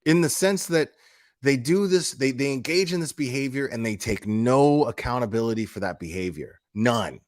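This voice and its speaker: A young man talks straight to his live chat in a blunt, profane rant. He heats up and mocks as he goes, and keeps restarting his sentences. His voice sits at an ordinary middle pitch. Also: expressive, normal speed, no echo, clean studio sound. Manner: blunt, profane, heated and mocking; repeats and restarts words often. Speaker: YouTube commentary streamer. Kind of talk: casual live-stream commentary.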